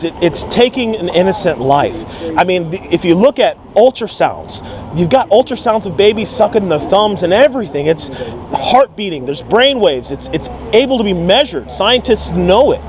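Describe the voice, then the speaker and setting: On a city street, a man preaches earnestly and pleadingly, often repeating his words. His voice is high-pitched and the recording rough.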